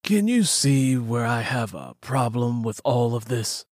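Casting: a man doing a gruff, slow-spoken small-town cop, suspicious, pressing hard, dry close sound. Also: mid-range voice, very animated, darkish tone, dry recording. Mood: skeptical. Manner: slow, deliberate, blunt questioning. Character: stern small-town male police officer, skeptical. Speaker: police officer. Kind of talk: audiobook character voice.

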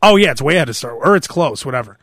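Animated, laughing male podcast host. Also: a little high, racing, slight background noise. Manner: animated storyteller, laughs often, acts out quotes. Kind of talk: casual chat.

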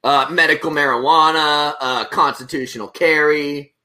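A man's voice: a little high, fairly even intonation, moderate pace, sharp tone. A man chatting casually as a podcast guest, easygoing and joking.

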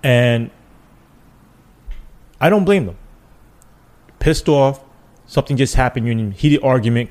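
A man's voice: mid-range voice, unhurried, pauses often. A man who was a police officer, telling stories casually in an interview and acting out the people he quotes. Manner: animated, acts out quoted people with loose slang.

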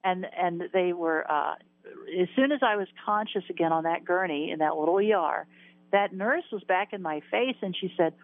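A woman's voice: lowish voice, normal speed, no echo. A woman in her sixties, a guest in an interview, recounting a personal near-death story earnestly and emotionally, repeating words and laughing at herself. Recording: tinny phone-line sound.

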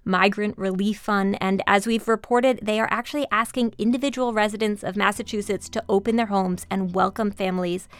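A woman reporter answering a host's questions in a measured, explanatory way. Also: medium pitch, steady tone, clear, resonant tone, no room sound. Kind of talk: news interview.

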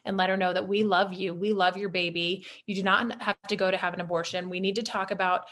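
A woman's voice: on the low side, level tone, fast, fairly bright tone. A woman speaking as a podcast guest who talks candidly and from the heart in casual conversation.

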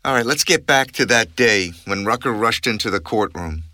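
A man co-hosting a news podcast, giving updates in a steady, informative way. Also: on the low side, normal speed, dry recording, clean studio sound. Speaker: reporter, co-host. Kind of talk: scripted podcast conversation.

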